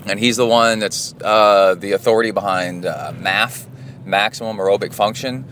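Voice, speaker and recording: A man with a very low voice hosts his podcast from behind the wheel of a car. He wanders through a casual story with plenty of fillers and restarts. A faint hum of the road sits behind him. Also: normal speed, fairly bright tone. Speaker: podcast host. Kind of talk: casual solo monologue while driving.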